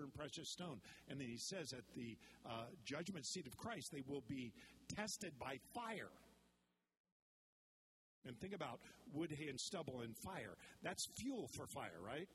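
A man's voice: medium pitch, animated, normal speed, noisy background. A male pastor giving a sermon in a conversational way, mixing teaching with joking stories from his own life.

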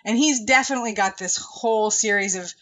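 Bright-voiced woman co-host. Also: medium pitch, a little fast, a little hiss or hum. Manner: friendly, thinks aloud with "you know" and "like". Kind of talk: casual interview chat.

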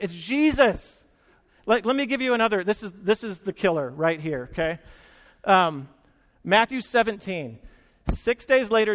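A high-voiced man delivers a sermon as a pastor, storytelling with big swings from loud excitement to hushed earnestness. He acts out the lines of the people in his stories. His voice rings with a long reverb, as in a large hall.

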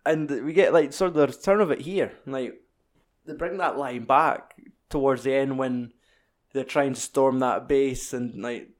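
A Scottish man in relaxed film chat, mid-pitched and easygoing. He swears freely and keeps slipping into jokey acted-out bits of dialogue. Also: a little slow. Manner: sweary, jokey, acts out film lines in other voices. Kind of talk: casual chat about films.

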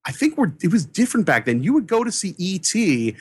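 A movie critic from New York telling an animated personal story, excitable and acting out the voices of the people in it. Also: male voice, a little fast, breathy edge, no echo. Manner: excitable, acts out quoted voices with big pitch jumps. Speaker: movie critic, podcast guest.

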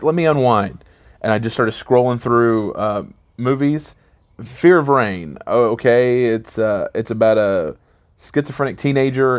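A middle-aged father co-hosting a casual podcast with his daughter, rambling and halting with many fillers. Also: medium pitch.

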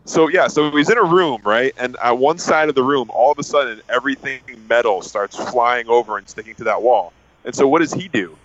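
Man, mid-pitched, excited ranting podcast co-host. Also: fairly quick, lo-fi sound. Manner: excited, ranting, animated retelling. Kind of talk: casual chat.

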